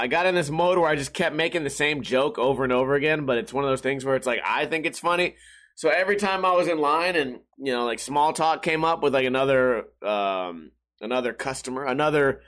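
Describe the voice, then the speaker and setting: A man's voice: on the high side, a bit bright. A young man telling a rambling, profane story to his viewers and often chuckling at his own jokes. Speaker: vlogger. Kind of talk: casual storytelling to camera.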